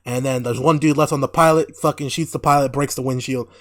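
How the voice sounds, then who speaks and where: A man's voice: mid-range voice, a little fast. A man hosting a podcast, recapping a show in casual, profane talk full of laughter. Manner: profane, laughing, animated storytelling. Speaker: podcast host.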